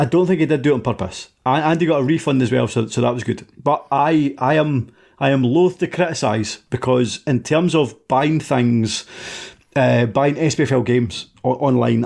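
A man on a football podcast panel, teasing his co-hosts and talking things through at a measured pace. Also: medium pitch, creaky, a little mellow. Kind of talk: casual football podcast chat.

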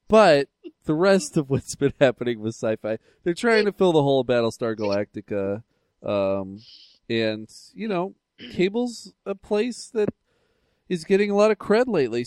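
A man's voice: fairly high pitch, big pitch swings, moderate pace, darkish tone, no room sound, clean studio sound. A man co-hosting a podcast in casual chat, rambling and joking with many fillers. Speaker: podcast co-host.

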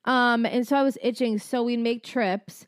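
A young woman co-hosting a podcast in casual chat, upbeat, reacting quickly and giving blunt opinions. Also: a little high, fairly even intonation, clear, resonant tone, no echo, clean studio sound. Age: young adult. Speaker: podcast co-host.

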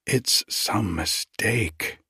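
A man's voice: on the low side, big pitch swings, slow, husky, dry recording, clean studio sound, full character voice. A man reading aloud, voicing an eager, sensitive young woman in a story with a breathless, pleading manner.

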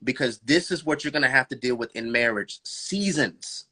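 A man's voice: medium pitch, normal speed, bright, forceful tone, husky. A married man talking faith and relationships in a podcast conversation, preaching with fervent cadence, rhetorical questions and bursts of laughter. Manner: laughs and addresses listeners as bro, girl.

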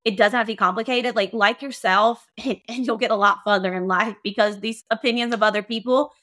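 A woman's voice: fairly high pitch, steady tone, fairly quick, a bit bright. A woman hosting a podcast, talking frankly and bluntly, swearing freely. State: emotional. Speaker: podcast host. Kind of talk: casual podcast monologue.

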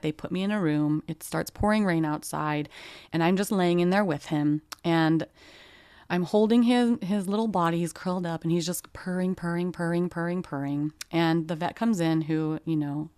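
A woman's voice: on the low side, a little mellow, smooth, dry recording, clean studio sound. A young adult woman, a podcast host, telling a personal story in a candid, emotional way with casual fillers.

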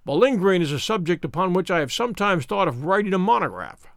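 A man voicing a brilliant, wry male detective who explains in a brisk, ironic, lecturing way. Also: sits high, sing-song, vocal fry, no room sound, studio quality, exaggerated voice. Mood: explaining.

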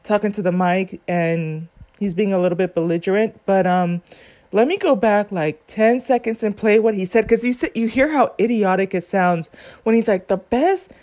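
Woman reacting to a court clip, earnest, rambling, mid-pitched. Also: moderate pace, darkish tone. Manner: earnest, rambling, thinks aloud with many fillers. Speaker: commentator reacting to a court video. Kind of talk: casual commentary.

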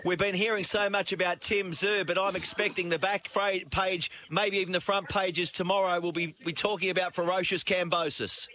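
Australian male radio host, high and bright, chatty and excited. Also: moderate pace, hardly any pauses. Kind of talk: live radio sports chat.

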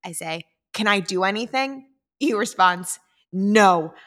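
Woman host, casual podcast chat, animated storyteller with a bright tone, laughs a lot. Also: medium pitch, a little slow. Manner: reads texts aloud dramatically, laughing often.

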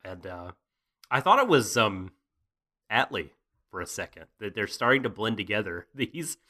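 Man, low voice, bright forceful tone, profane, jokey, rambling recap chat. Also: sing-song, moderate pace. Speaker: podcast co-host. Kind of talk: casual anime recap chat.

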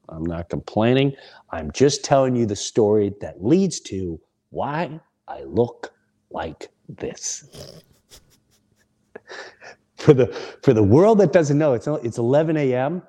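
A middle-aged man hosting a podcast, telling a comic story in a casual, animated way and acting out the other people in it. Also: mid-range voice. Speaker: podcast host.

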